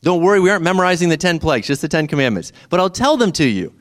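A man's voice: fairly high pitch, big pitch swings, very fast. A middle-aged man, preaching a sermon in a conversational way and asking the listeners questions. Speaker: pastor.

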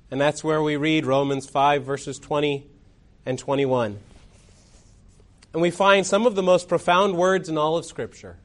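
A man preaches a sermon in a dramatic storytelling manner. His voice sits a little high for a man. He swings from strong, loud phrases down to near-whispered endings. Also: unhurried.

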